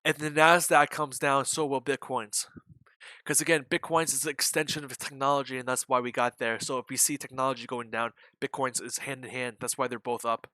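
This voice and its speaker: A man's voice: mid-range voice, flat delivery, fairly quick, bright, forceful tone, dry recording. A man hosting a live day-trading stream, chatting casually and rambling with frequent restarts and the odd swear. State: hiccuping. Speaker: day trading livestream host. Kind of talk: casual market chat.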